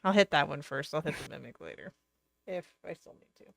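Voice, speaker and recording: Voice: medium pitch, expressive, a little fast, vocal fry, a bit bright, no echo. A player in a tabletop game who talks bluntly, swears often and sounds playfully annoyed. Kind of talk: casual tabletop play.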